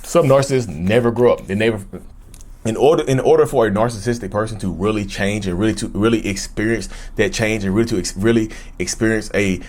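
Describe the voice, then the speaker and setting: A man's voice: fairly low pitch, a little fast, a little mellow. A man giving an unscripted personal monologue, earnest and emphatic, often repeating and restarting phrases. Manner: speaks frankly and bluntly. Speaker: YouTuber discussing his own narcissism.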